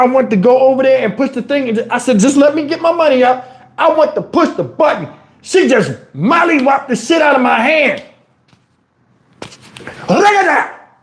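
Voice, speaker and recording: A man from New Jersey telling casual stories on his livestream in crude street slang, animated and jumping into high, shouted tones as he retells them. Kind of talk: casual storytelling. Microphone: wireless lapel mic.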